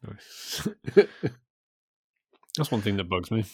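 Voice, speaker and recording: A man's voice: lowish voice, slow, slightly rough, no echo, clean studio sound. A man with an English accent co-hosting a casual chat, musing aloud in a rambling way and teasing with questions. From England. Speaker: podcast co-host.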